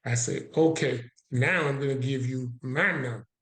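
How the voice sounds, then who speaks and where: Male podcast guest, storyteller who plays out both sides of each exchange, mid pitch, echoey room. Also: moderate pace, fairly bright tone.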